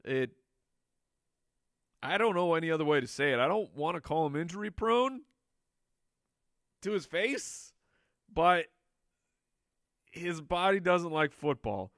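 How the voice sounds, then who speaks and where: A man's voice: a little high, animated, measured pace, pauses often, a bit bright, dry recording, clean studio sound. A man answering viewer questions on a live show in a playful, chatty way, joking with the crew and laughing often. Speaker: fantasy football analyst answering viewer questions. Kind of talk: casual live Q&A.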